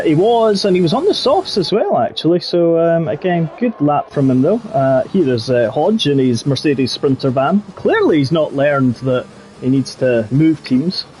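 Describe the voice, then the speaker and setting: In a fairly high, slightly mellow voice, a man leads live commentary on an online racing league, jokey and meandering, packed with fillers and nicknames. There's a bit of background noise.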